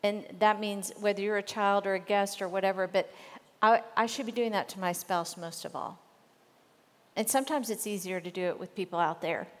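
A woman's voice: mid-range voice, fairly quick. Woman chatting earnestly about marriage and faith, um's everywhere, long reverb on the voice. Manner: earnest, conversational, with fillers. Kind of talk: casual ministry talk on marriage.

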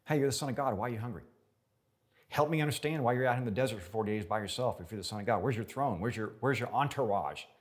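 A man's voice: medium pitch, fast talker, lightly acted. A man voicing the devil as a sly male tempter, needling his listener with mocking questions. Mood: taunting.

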